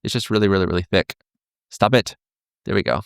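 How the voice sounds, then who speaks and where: A man's voice: low-pitched, a little fast, gravelly, clear, resonant tone, no room sound, clean studio sound. A man hosting a crypto trading channel, talking casually through charts with rambling, self-deprecating, joking asides. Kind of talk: casual chart-analysis vlog.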